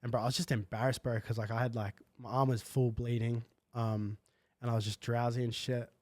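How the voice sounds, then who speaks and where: A man's voice: medium pitch, flat delivery, a little fast, a little mellow, no echo, studio quality. A young man telling a personal story in a casual, slangy podcast chat full of fillers. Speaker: guest. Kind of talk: candid podcast conversation.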